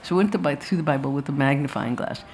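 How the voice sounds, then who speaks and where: A filmmaker with a deep, fast, slightly mellow voice speaks live to a festival audience after a screening of her film, with slight background noise. Her talk is rambling and anecdotal, full of restarts and asides.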